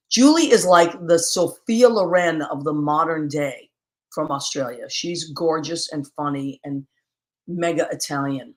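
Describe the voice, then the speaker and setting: A woman hosting a live-streamed talk show, chatting casually, warmly greeting viewers by name with endearments and rambling with many fillers and restarts. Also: low voice. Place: home, streaming live in New York.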